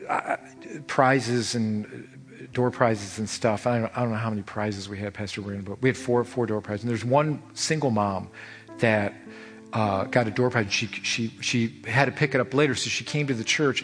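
A man preaching a sermon as pastor, telling a story with lively, animated delivery and repeating phrases for emphasis. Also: normal speed. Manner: animated storytelling, rising high when excited. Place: church sanctuary. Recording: long church reverb with soft music behind.

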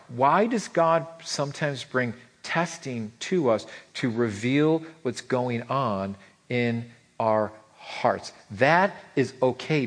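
A man preaching a sermon as pastor, animated and calling out questions to the congregation. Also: medium pitch. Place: church sanctuary. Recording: reverberant church hall.

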